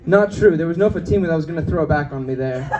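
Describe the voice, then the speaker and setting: High-voiced brash young stand-up comic. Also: male voice, warm tone, distant mic, muffled recording. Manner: brash, fast-shifting, acts out voices of people in his stories. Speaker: stand-up comedian. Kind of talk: stand-up comedy set. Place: comedy club with live audience.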